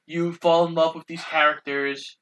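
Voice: mid-range voice, flat delivery, moderate pace, fairly bright tone, a little hiss or hum, poor audio. A podcast co-host talking about a film with earnest, enthusiastic praise. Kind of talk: casual movie review chat.

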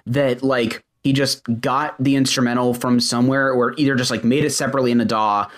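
A man with a mid-range voice talking casually on a podcast. He rambles through fillers and restarts and makes dry jokes as he reviews music. His pitch sits in the middle for a man. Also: fairly even intonation, brisk. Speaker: podcast co-host. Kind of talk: casual album-review chat.

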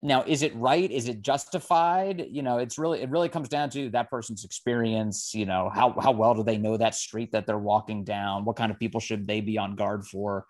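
A man's voice: on the low side, moderate pace, hardly any pauses, darkish tone. A man hosting a casual conversation, talking freely with many "like" and "um" fillers.

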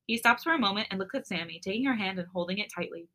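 A woman co-hosting a podcast, reading fan fiction aloud with expressive narration. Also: medium pitch, very fast, hardly any pauses.

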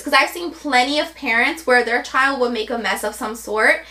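Young woman, podcast co-host, high pitch, bright voice, opinionated, frank. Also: moderate pace. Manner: frank and opinionated, plays devil's advocate. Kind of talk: casual chat.

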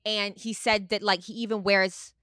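A brash reality-TV lady, put on by a podcast co-host, loud and exasperated in everything she says. The voice is bright and cutting. It is recorded close and dry with no room sound. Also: medium pitch, level tone, moderate pace, no echo, natural voice. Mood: dramatic, exasperated. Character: impression of a brash reality-TV woman.

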